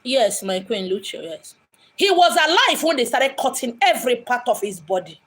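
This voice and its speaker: A woman's voice: fairly high pitch, very animated, moderate pace, fairly bright tone. A woman from Abia State in Nigeria with a Nigerian accent, a spiritual medium speaking in an impassioned, dramatic monologue. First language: Igbo. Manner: dramatic, acts out quoted voices. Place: home in Lagos.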